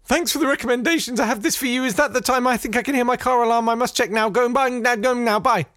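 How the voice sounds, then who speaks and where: Man doing a squeaky panicking shy guy. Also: a bit bright, dry recording, clean studio sound. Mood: panicked. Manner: squeaky, hurried, gabbling. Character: flustered shy man blurting excuses in panic.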